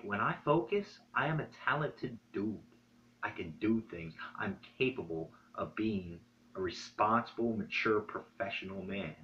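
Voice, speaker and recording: A man's voice: lowish voice, bright, forceful tone. A man talking straight to the camera in a vlog, earnest and heavy on swearing as he preaches self-improvement. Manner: earnest, profane, preachy pep talk. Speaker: vlogger. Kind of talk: direct-to-camera vlog monologue. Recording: dull lo-fi sound with faint hum.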